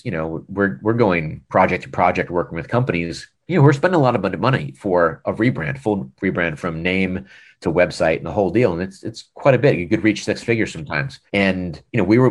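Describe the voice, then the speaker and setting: An American man, a former e-commerce director, telling a business story in a casual interview and acting out the dialogue as he goes. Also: low voice. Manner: animated storyteller, acts out quoted dialogue.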